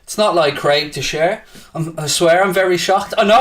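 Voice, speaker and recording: Scouse football streamer, man, loud and sweary, a little high, set back from the mic. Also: brisk, distant mic. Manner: brash and profane, taunting rival fans; excitable, shouting at times. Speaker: host of a football watchalong stream. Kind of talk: casual live-stream chat, reading and answering viewer comments.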